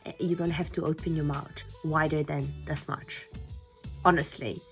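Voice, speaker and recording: A young woman from Nagaland, India, speaking with an Indian English accent, whose first language is Lotha, chatting to camera in an animated, jokey way as a vlogger. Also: deep voice, moderate pace, vocal fry, faint music behind. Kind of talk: casual chat to camera.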